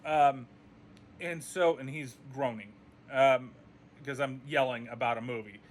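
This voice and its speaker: A man's voice: medium pitch, steady tone, a little slow, slight background noise. A man reviewing a movie in a casual video, ranting with exasperation and frequent swearing.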